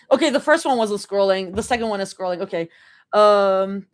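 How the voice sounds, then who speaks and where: A woman's voice: mid-range voice, a little fast. A woman live-reading fanfiction aloud, often breaking off to laugh and chat with her viewers. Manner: giggly, breaks off to react and chat. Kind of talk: live reading with chatty reactions.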